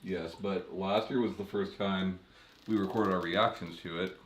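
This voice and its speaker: A man's voice: low voice, fairly even intonation, moderate pace. A man co-hosting a casual podcast, easygoing, steering the topics and dropping dry jokes. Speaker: podcast co-host. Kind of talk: casual chat. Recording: roomy room echo.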